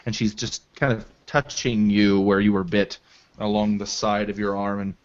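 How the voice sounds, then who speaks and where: A man narrating as game master of a tabletop game, in a halting style full of fillers, on a dull lo-fi recording. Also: on the low side, little pitch movement. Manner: slow, halting descriptive narration with many fillers.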